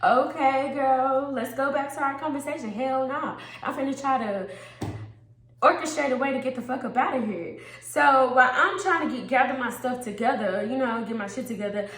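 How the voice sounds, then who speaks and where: A woman tells a storytime tale in a casual, animated way, full of profanity and laughter. Her voice sits fairly high. The room around her echoes. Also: normal speed. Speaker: storytime vlogger.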